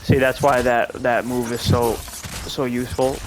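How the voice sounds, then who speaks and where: A man's voice: mid-range voice, little pitch movement, normal speed. Young guy rambling and swearing while he plays, mid voice, noisy background. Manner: rambling, profane, laid-back storytelling. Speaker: gameplay commentator. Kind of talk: casual gameplay commentary with storytelling.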